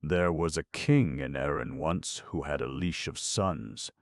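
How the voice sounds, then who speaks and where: A man reading folk tales and scholarly notes for an audiobook, steady and plain. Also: rumbling low, a little slow, gravelly, no room sound, studio quality. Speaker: audiobook narrator.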